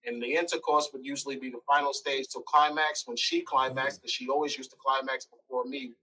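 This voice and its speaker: A man as an interview guest telling a personal story, animated, acting out quoted lines. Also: medium pitch, a little fast, recorded from a distance, rough recording.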